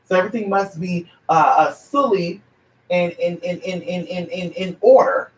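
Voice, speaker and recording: A man's voice: sits high, normal speed, far from the mic, slight background noise. A man ranting in a blunt, profane and sassy way, lecturing a listener as a paid advisor. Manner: brassy, profane, sassy and preachy. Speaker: paid advisor answering viewer questions. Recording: echoey room, away from the mic.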